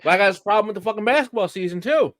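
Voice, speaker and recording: A man's voice: sits high, animated, rapid-fire, a bit bright, no echo, studio quality. A man, co-hosting a podcast and ranting heatedly about sports with plenty of profanity. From Philadelphia. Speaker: podcast co-host. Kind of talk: casual sports chat.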